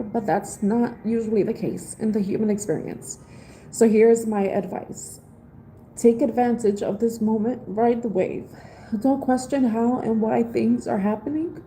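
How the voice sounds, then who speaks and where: A woman's voice: a little high, fairly even intonation, measured pace, warm tone, a little hiss or hum, rough recording. A woman giving a live-streamed tarot reading in a casual, heartfelt way. She reads passages from an oracle book and then explains them in her own words. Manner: casual, heartfelt, spiritual encouragement. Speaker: tarot reader.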